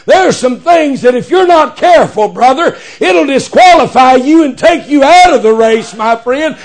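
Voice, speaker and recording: High-voiced preacher man, shouting cadence. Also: animated, moderate pace. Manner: rising to shouted emphasis, folksy preacher cadence. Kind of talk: sermon.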